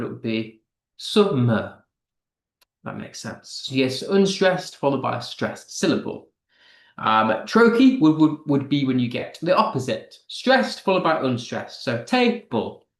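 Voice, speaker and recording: Man teaching an online class, echoey room. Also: mid-range voice. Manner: reads chat answers aloud, thinking out loud with fillers.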